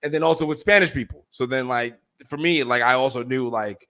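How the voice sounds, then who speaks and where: A man co-hosting a podcast in casual chat, telling stories loudly and swearing a lot. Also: medium pitch, brisk, smooth. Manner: loud, animated storytelling, swears a lot. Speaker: podcast co-host.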